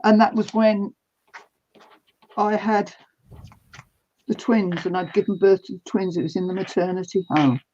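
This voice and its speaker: A woman's voice: mid-range voice, steady tone, unhurried, pauses often, warm tone, a little hiss or hum. An older woman, chatting casually and laughing easily while she works on a quilt. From New Zealand. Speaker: crafting vlog host. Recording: dull lo-fi sound.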